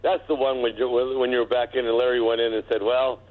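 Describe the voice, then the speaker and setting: A man, a former basketball player, telling an interview anecdote, halting and chuckling as he recalls it. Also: mid-range voice, flat delivery, narrow, tinny audio.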